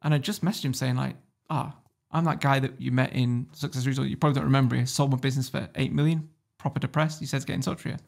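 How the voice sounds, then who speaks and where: With hardly any pauses, a man tells a casual story as an entrepreneur guesting on a podcast, his voice medium-pitched, steady, fast, and gravelly. He's blunt, swears freely, and laughs while talking.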